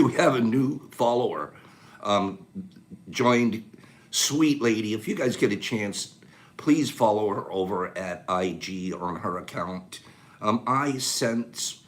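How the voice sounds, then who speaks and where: A man's voice: fairly low pitch, a bit bright. Chatty man hosting a livestream. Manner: chatty, greets viewers by name. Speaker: livestream host. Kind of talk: casual livestream chat.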